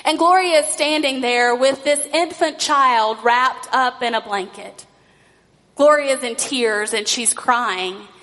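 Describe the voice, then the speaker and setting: High-voiced woman preaching in a reverberant hall. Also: fairly bright tone. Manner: slow, storytelling cadence with drawn-out phrase endings. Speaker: pastor. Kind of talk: sermon.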